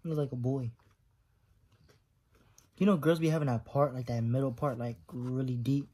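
A man's voice: medium pitch, steady tone, normal speed, dark tone, breathy edge. A man in a car chatting casually, with slangy, laid-back teasing. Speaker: vlogger, the boyfriend. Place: inside a car.

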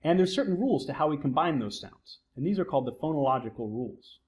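A man's voice: a little high, expressive, quick pace, darkish tone. A man giving a recorded psychology lecture, explaining terms step by step and often posing a question and then answering it himself. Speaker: psychology instructor.

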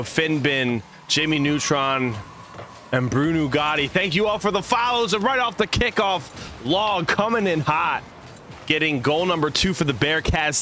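Bright-voiced playful male game caster. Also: a little high, a little hiss or hum. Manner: playful, silly made-up words, chats with viewers. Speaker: esports caster and streamer. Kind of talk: live game commentary.

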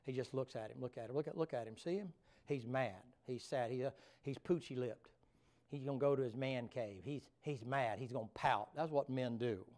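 A man's voice: medium pitch, moderate pace, darkish tone. A man preaching a revival sermon in a folksy, colloquial storytelling manner, talking directly to the congregation. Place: church sanctuary.

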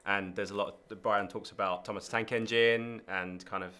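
A British man interviewing an actress, asking rambling, halting questions. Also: fairly low pitch, steady tone, pushed and bright. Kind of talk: casual press interview.

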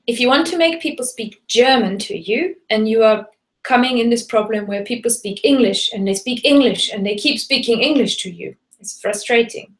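Her pitch on the high side and her speed normal, a German teacher runs a live webinar in a relaxed way. She moves back and forth between German and English, using fillers and starting over, in a roomy, echoing space.

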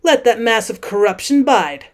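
Woman reader doing a panicked, angry adventurer, loud and drawn out, storybook reading. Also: extremely high pitch, sing-song, normal speed. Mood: scornful. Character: desperate male treasure hunter, angry.

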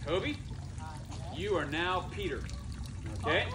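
A man's voice: high voice, expressive, unhurried. A man telling a Bible story to a youth club and having his listeners act it out and repeat lines. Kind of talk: animated Bible storytelling with audience acting parts. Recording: noisy crowd room. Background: crowd of teenagers echoing and laughing.

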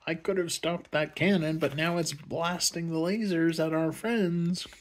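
A man's voice: on the high side, steady tone, unhurried, a little hiss or hum, voice pushed up, natural voice. A man doing a whiny, exasperated young soldier. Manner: whining, exasperated.

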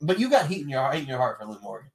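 A man hosting a casual chat, animated and joking, with sudden loud bursts. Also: medium pitch, very fast. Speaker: podcast host predicting wrestling matches.

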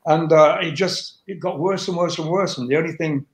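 Older man, frank and profane, slightly high voice, echoing room sound. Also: normal speed. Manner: blunt and frank, swears freely. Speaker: guest, rock singer. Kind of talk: candid interview chat. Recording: roomy echo.

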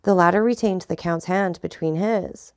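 Woman narrator, audiobook, low voice, steady clear reading, dry close recording. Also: normal speed, no room sound. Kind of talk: audiobook narration of a classic novel.

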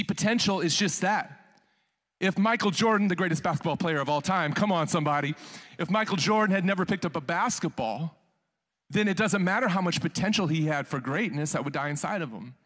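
A man in his forties preaching a sermon as guest pastor in a church, energetic and joking with the congregation. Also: on the high side. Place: church sanctuary.

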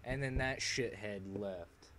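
A man hosting a gaming session, swearing and complaining loudly in casual chat with friends. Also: mid-range voice, takes it slowly, a little hiss or hum. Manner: swearing, exasperated, loud. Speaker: gamer, channel host.

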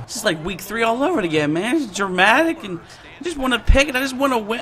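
Excitable young man calling his own game. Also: sits high, quick pace, noisy background. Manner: excitable, shouts and laughs at big plays, slangy. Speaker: gaming YouTuber. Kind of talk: excited live gameplay commentary.

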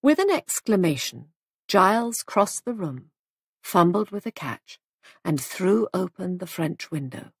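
A woman narrating a mystery audiobook in a measured storytelling manner, recorded close to the mic. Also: lowish voice, big pitch swings, slightly rough, no room sound.

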